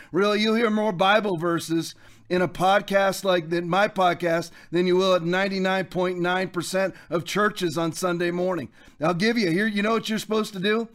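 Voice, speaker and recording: A man with a high-pitched voice hosting a podcast, delivering political commentary as an emphatic monologue. He preaches at his listeners and reads scripture aloud between points. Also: a bit bright. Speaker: podcast host.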